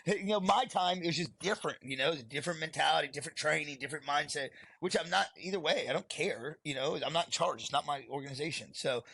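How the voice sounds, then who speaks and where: A man's voice: fairly high pitch, fast, gravelly, hardly any pauses, bright, forceful tone, slightly rough, no room sound. A retired Marine sergeant, a man, is a podcast guest telling war stories in a blunt, profane way and often laughing while he talks. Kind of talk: candid storytelling interview.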